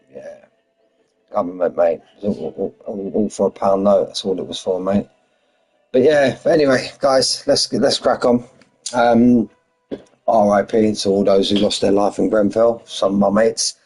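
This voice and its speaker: Streaming a racing game from his Spanish home, this London man talks at a moderate pace in a lowish, fairly dark voice with a breathy edge. He keeps saying "mate," reads lap times aloud, and responds to chat; audio quality is low.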